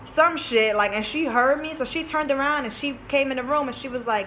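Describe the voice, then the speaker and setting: Young woman vlogger, bright high voice, loose candid storytime delivery with plenty of swearing. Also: brisk, a little hiss or hum. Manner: chatty and candid, swears freely, peppered with "like" and "you know". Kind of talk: casual storytime chat.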